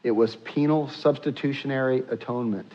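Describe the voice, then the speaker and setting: A man preaching a sermon to his church, with frequent filler sounds and hushed acted-out prayers. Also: mid-range voice, brisk, dull audio. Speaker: pastor.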